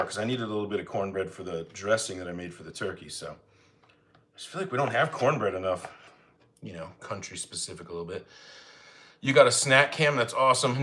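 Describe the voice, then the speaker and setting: A man hosting a live home cooking stream, chatting casually with viewers and greeting them by name as he cooks. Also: on the low side. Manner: relaxed, rambling, greets chat by name. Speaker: cooking livestream host. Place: home kitchen.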